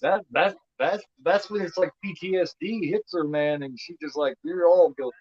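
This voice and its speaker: A man's voice: a little high, moderate pace, slightly rough, dry recording. A man in his fifties hosting a casual movie commentary, rambling and repeating himself with lots of "you know what I mean.". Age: 50s. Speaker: host. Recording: dull lo-fi sound.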